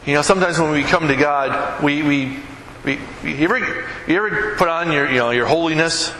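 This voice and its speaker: A middle-aged male pastor preaching a sermon, asking the congregation rhetorical questions and moving between hushed and raised delivery. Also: fairly high pitch, a little fast. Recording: echoey hall with background noise.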